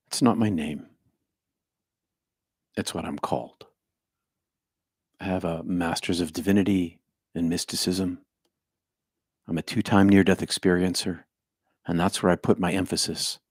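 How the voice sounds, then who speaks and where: Slow, low-voiced older man teaching meditation. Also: breathy edge, no room sound, clean studio sound. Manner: slow, deliberate, emphatic, with soft hushed stretches. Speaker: spiritual teacher leading meditation. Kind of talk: livestreamed spiritual talk and guided meditation. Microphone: home streaming microphone.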